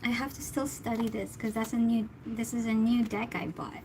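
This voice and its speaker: A woman's voice: a little high, little pitch movement, normal speed, background noise. A woman from the Philippines, a tarot reader chatting casually with her livestream viewers in a giggly, talkative way.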